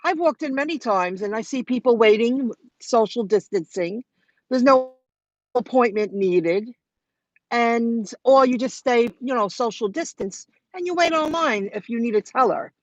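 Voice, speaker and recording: A woman's voice: on the high side, animated, a little slow, no room sound. Woman vlogger, casual and rambling, live from her car, dry and dull lo-fi phone audio. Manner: chatty, rambling, talks straight to viewers. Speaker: vlogger hosting a live stream. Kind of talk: casual live-stream storytelling. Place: in her car while driving.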